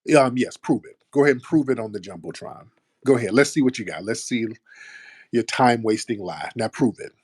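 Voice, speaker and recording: A man's voice: mid-range voice, lively intonation, brisk, a little mellow, husky, no echo, studio quality. A man hosting a comedic call-in show, mocking and repetitive as he confronts his callers. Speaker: host. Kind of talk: comedic call-in radio talk.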